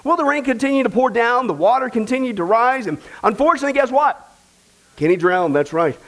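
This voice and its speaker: A man's voice: extremely high pitch, animated, a little fast, a bit bright. A man, a pastor, preaching a sermon in a folksy, joking way and calling his congregation folks. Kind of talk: sermon with a joke. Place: church.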